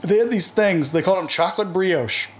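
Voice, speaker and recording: A man's voice: high-pitched, brisk, a little hiss or hum. A man with a mild Southern American accent, telling rambling, jokey stories in casual chat.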